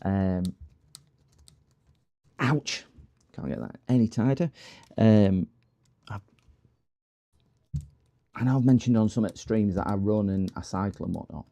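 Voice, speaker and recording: This is a man in casual conversation with his stream as he does repair work at a workbench in his home. He speaks slowly in a warm, lowish voice with vocal fry and frequent pauses, telling rambling stories full of laughter and restarts.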